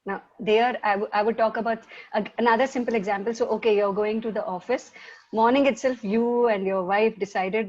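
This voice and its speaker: A woman's voice: fairly high pitch, fairly even intonation, fairly quick, darkish tone. A woman facilitating a webinar, talking informally and rambling with lots of "like" and restarts. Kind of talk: informal motivational talk. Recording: dull lo-fi webinar audio.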